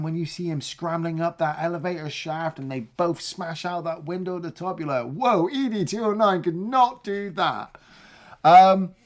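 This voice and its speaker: A man, co-hosting a film review podcast in a casual, enthusiastic chat. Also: mid-range voice. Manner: enthusiastic, hums tunes and acts out lines.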